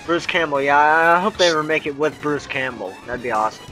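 Higher-pitched guy, sharp bright tone, ribbing his buddy during a let's play, lots of swearing. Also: brisk, faint music behind. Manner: teasing, profane banter. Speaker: co-commentator. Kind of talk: casual game commentary.

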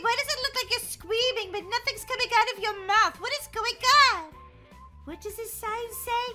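A woman voicing a teasing, chatty young girl bossing her sister in a roleplay game video. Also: very high voice. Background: background music.

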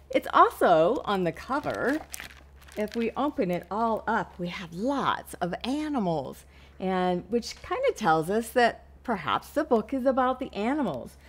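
Woman, librarian, storytime read-aloud, very lively pitch, slow, expressive. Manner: expressive, slow and deliberate, points out words to children. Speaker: children's librarian.

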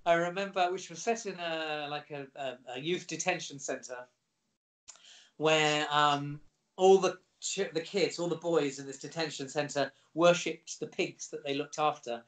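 Middle-aged guy, animated storyteller, kinda high voice, chatty interview guest. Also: measured pace. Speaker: actor guest. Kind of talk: casual interview anecdotes.

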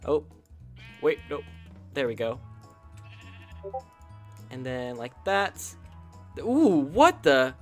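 A channel host giving casual, chatty commentary over a game, excitable and full of gasps and little coos. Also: medium pitch, drawn-out words, pauses often, faint music behind.

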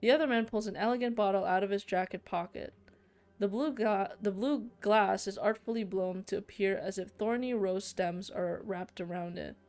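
A woman's voice: medium pitch, moderate pace, darkish tone. A young woman playing a narrative game, reading its text aloud and reacting with shocked exclamations and casual fillers. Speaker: let's play streamer.

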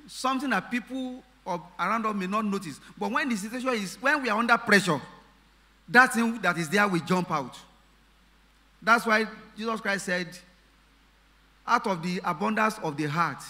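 A man's voice: high voice, pushed and bright, long reverb tail. A man preaching a sermon as pastor, emphatic, repeating phrases and asking the congregation rhetorical questions. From Nigeria.

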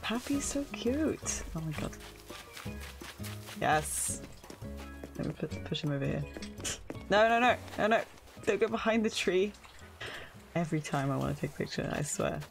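An excitable young woman talks to her live-stream viewers as she plays, her pitch leaping up into squeals over cute finds. She laughs often and teases herself, and soft game music plays behind her voice. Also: normal speed, creaky, long pauses.

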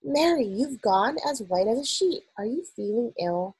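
A woman's voice: on the high side, lively intonation, measured pace, breathy edge, pitched above the performer's own voice, exaggerated voice, poor audio. A woman voicing a composed, dignified queen who speaks sharply when alarmed, in a storybook reading. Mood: dismayed. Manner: startled, then sharp and commanding.

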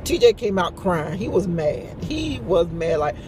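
A woman's voice: on the low side, big pitch swings, a little slow, background noise. A middle-aged woman chatting casually to a phone camera, telling stories with lots of laughter. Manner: chatty storytelling with frequent laughs. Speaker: vlogger. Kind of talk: casual morning chat.

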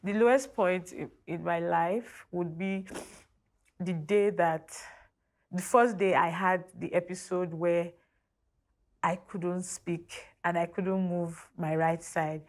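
A woman's voice: on the low side, steady tone. A woman earnestly recounting a frightening personal episode. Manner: measured, earnest. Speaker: interviewee. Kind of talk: personal testimony.

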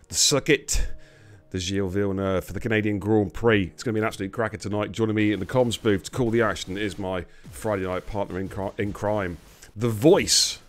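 A man hosting and calling a sim racing broadcast, excitable and quick to repeat himself when the action heats up. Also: on the low side. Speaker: sim racing commentator and host. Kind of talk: live race commentary.

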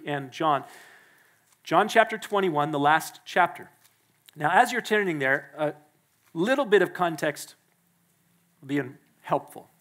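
A male pastor preaching a sermon in a church, emphatic and quick to act out the people he quotes. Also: a little high, a bit bright. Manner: emphatic, acts out the quoted speakers.

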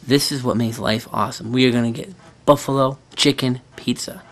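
A man's voice: mid-range voice, fairly even intonation, fairly bright tone. A young man chatting with a friend at home, eager and wisecracking. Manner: eager, wisecracking, quick reactions. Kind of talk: casual chat. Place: home living room.

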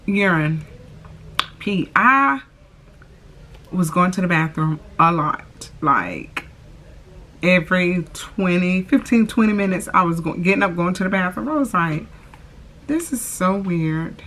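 Slow-talking chatty young woman vlogger. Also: fairly low pitch, lively intonation, pushed and bright, a little hiss or hum. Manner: chatty, drawls "y'all", lots of "like" and "oh my gosh". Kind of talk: casual chat to camera.

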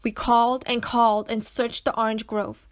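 A woman reading a children's novel aloud to schoolchildren, with an expressive storytelling manner. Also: fairly high pitch, normal speed. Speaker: teacher reading to students.

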